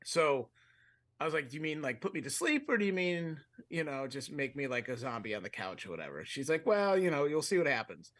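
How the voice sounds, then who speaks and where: Rambling, animated man telling a story. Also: on the high side, a little fast. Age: adult, with a fiance. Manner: rambling, animated, self-interrupting, laughs mid-sentence. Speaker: podcast co-host. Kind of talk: casual comedic storytelling.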